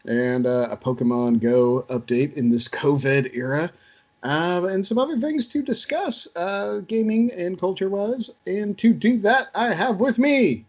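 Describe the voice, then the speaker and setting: Man, podcast host, casual chat, slightly high voice, animated storyteller. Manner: animated storyteller, acts out quotes.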